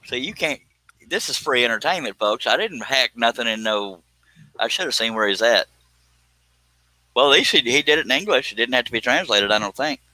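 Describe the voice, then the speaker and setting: A man's voice: mid-range voice, expressive, fairly quick, sharp tone, no room sound, rough recording. A man, hosting a live stream, joking and reading viewer comments aloud. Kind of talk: casual live stream chat.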